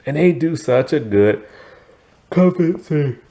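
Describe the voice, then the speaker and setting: A man's voice: medium pitch, big pitch swings, unhurried, a little mellow. A man giving a casual, rambling TV review, tired and yawning, full of asides and fillers. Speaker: TV show reviewer.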